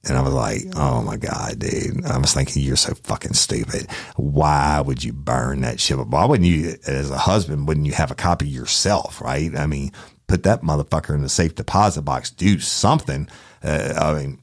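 Very deep gravelly man telling a story. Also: moderate pace, dry recording, clean studio sound. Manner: profane, blunt, retells dialogue with emphasis. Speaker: private investigator. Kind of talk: casual anecdote telling.

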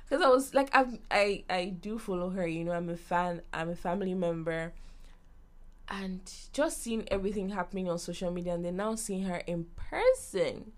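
A young woman hosting a podcast, telling a story in a bubbly, animated way and acting out what people said. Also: mid-range voice, moderate pace. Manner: bubbly, animated storytelling with laughs and acted-out quotes. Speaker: podcast host. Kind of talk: casual story time.

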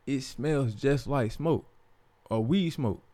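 A young man tells a personal story in a loose, profane podcast monologue. He speaks at a middling pitch and gets animated when he quotes other people. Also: takes it slowly. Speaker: podcast host.

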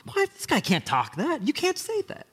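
Shrill, indignant male teachers of the law squawking in disbelief, as a preacher puts them on. The voices jump far above his normal range and ring with a long hall reverb. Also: huge pitch swings, moderate pace, a bit bright, full character voice. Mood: outraged. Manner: shrill, incredulous outbursts.

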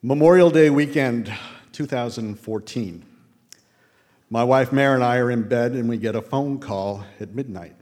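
A man's voice: mid-range voice, normal speed, a little mellow, in a large hall, some chatter behind. A man in his fifties telling an earnest personal story on a theater stage. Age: 50s.

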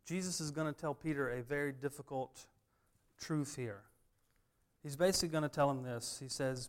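A man's voice: medium pitch, moderate pace. A man preaching a sermon, driving points home with emphatic repeated refrains. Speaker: pastor.

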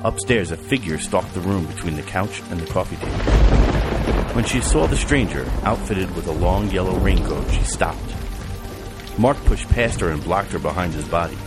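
A man narrating an audiobook in an even, measured reading style. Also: low-pitched. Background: music and rain.

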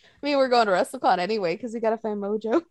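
A woman's voice: on the high side, very fast, no room sound. A woman co-hosting a casual chat, telling stories with lots of swearing and acted-out quotes. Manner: animated storytelling, swears a lot, acts out quotes.

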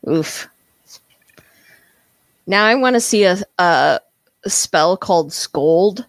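A woman co-hosting a casual chat about a tabletop game, expressive and quick to laugh as she steers the talk. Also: lowish voice, dry recording. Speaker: podcast co-host.

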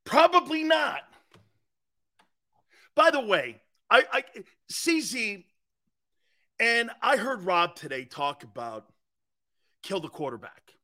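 A man hosting a live sports talk show, ranting bluntly and combatively, with sudden shouted outbursts. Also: extremely high pitch, big pitch swings, slow, pauses often.

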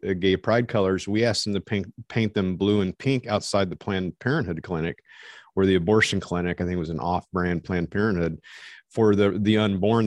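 A man's voice: fairly low pitch, a little mellow, no room sound, clean studio sound. A man telling a long story as an interview guest, rambling with many fillers and restarts. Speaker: interview guest, street evangelist. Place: Montana resident.

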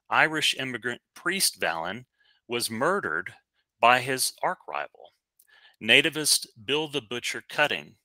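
A man's voice: mid-range voice, pushed and bright, no echo. A man co-hosting a casual podcast, talking in a chatty, rambling way with many fillers and restarts. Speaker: podcast co-host. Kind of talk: casual podcast movie review.

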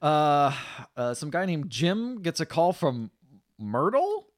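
A man's voice: on the high side, sing-song, slow pace, dry recording, studio quality. A man co-hosting a casual movie podcast who reacts, jokes and swears while recapping his half of the film. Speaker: podcast co-host.

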